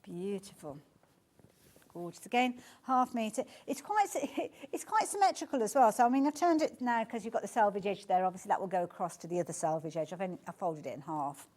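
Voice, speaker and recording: This shopping channel presenter has a mid-range, darkish voice, expressive and a little fast. Selling fabrics live from a TV studio, she's chatty and effusive, admiring each pattern and saying "beautiful" again and again.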